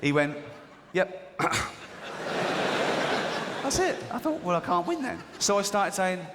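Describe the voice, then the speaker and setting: An English man in his forties performs stand-up on a large theatre stage, his fairly high voice ringing out with a long reverb tail. He mocks his targets, slips into silly voices for the people in his stories, and giggles at his own punchlines. The theatre ambience sits clearly behind him. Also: very animated, slow pace, very noisy. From England. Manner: mocking, acts out characters in voices, giggles at own jokes. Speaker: stand-up comedian. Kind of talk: live stand-up routine. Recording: live theatre recording with long reverb and audience. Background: audience laughter.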